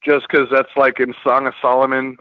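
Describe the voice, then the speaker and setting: A man chatting casually on a podcast as a film distributor guest, rambling and swearing a lot as he tells animated stories. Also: medium pitch, normal speed, no room sound. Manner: profane, rambling, animated storytelling. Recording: muffled lo-fi podcast audio.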